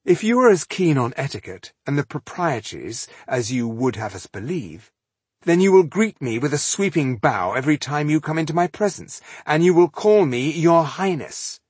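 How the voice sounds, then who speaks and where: A man reading an audiobook, voicing a proud, bold noblewoman regent with a sharp, commanding manner. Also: on the high side, expressive, moderate pace, hardly any pauses, husky, dry recording, pitched above the performer's own voice. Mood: haughty.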